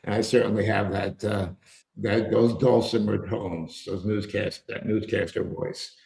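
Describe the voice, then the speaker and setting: A man hosts a live market commentary stream, talking in a slow, gravelly voice that sits fairly low. He wanders through wry asides and mild cursing as he goes. The sound is roomy and echoey. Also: steady tone, a little mellow. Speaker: trading show host. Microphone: earpiece with a microphone.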